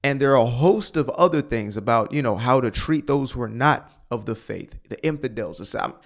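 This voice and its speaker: A man's voice: medium pitch, expressive, moderate pace, few pauses. A man hosting a commentary monologue, talking emphatically, sighing and repeating his points for force. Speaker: host.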